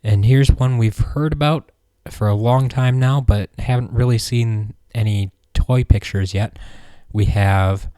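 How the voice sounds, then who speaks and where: A man hosting a casual fan news roundup, relaxed and rambling with plenty of ums and restarts. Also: mid-range voice, a little slow, clean tone, no echo, studio quality. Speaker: host of a fan news show.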